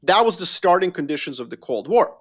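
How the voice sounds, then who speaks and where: Lively, animated man from Yugoslavia. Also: high voice, quick pace. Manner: animated, emphatic storyteller who addresses the listener directly. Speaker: podcast guest. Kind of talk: casual conversation.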